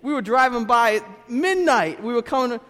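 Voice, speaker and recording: Boston-area pastor guy, high voice, storytelling sermon with slang, long church hall echo. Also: normal speed. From Lynn, Massachusetts. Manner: animated storytelling with street slang. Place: church sanctuary.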